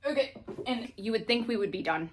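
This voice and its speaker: A woman's voice: on the high side, animated, fairly quick, slight background noise. A woman in her thirties chatting casually to camera at home while rearranging bookshelves, giggly and out of breath, with lots of fillers. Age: 30s. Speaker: book vlogger.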